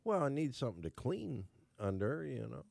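A middle-aged man with an average-pitched voice, co-hosting a radio show and telling easygoing, rambling stories. The studio sound is close and dry. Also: big pitch swings, normal speed, gravelly, darkish tone, no room sound. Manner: easygoing storytelling with restarts. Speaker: radio co-host. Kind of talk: casual radio chat.

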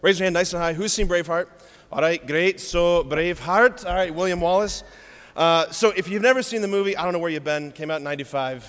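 A man preaching a sermon, telling stories with lively, playful asides to the congregation. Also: high-pitched, fast talker, big-room sound.

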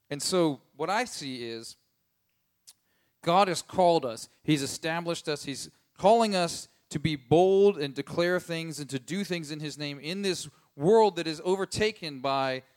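Casual, talkative male pastor. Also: on the high side. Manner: conversational, filler-heavy with frequent "like". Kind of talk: casual sermon.

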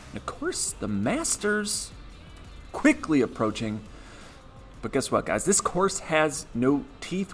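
Hyped-up podcast host, lively pitch. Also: male voice. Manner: energetic, playful hype. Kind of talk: sports betting podcast.

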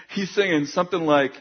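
A man preaching, telling a story in an animated way, often laughing and acting out what people said. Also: a little high. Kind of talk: sermon storytelling. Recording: dull lo-fi sound with faint noise.

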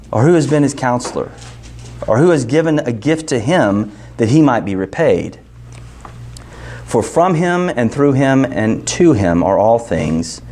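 A man's voice: mid-range voice, darkish tone, slight background noise. A male pastor preaching a sermon in a casual, joking tone, counting off numbered points and reading scripture.

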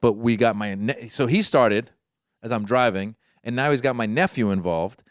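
A man from Iran, a doctor, telling a long story in casual chat, rambling, repeating himself and jumping high when he acts out his own thoughts. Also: normal speed, dry recording, studio quality.

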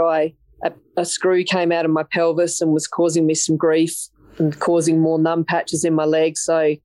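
An Australian woman, a police officer, telling her story frankly in an interview, blunt and quick to swear. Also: sits low, mellow, no echo, rough recording. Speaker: police detective sergeant, podcast guest.

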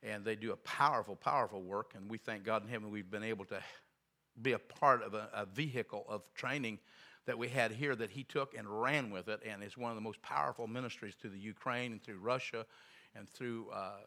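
A man's voice: on the low side, brisk, bright, forceful tone. A man preaching a sermon in a rambling storytelling way, with asides to the congregation.

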